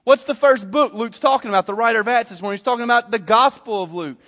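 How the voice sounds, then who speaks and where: A male pastor, preaching a sermon and telling stories, swelling loud and then dropping soft. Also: extremely high pitch, fast talker. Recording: reverberant hall.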